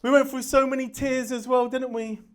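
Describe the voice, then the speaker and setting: A man doing a stand-up comedy routine on stage, loud and brash, laughing at his own jokes. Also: extremely high pitch, little pitch movement, normal speed, slight background noise.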